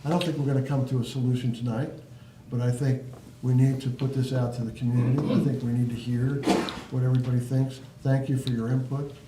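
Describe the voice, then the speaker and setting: A man's voice: mid-range voice, little pitch movement, fast, background noise. A man sharing his opinion at a community board meeting, earnest and thinking aloud with restarts. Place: meeting room. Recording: echoey room, mic at a distance.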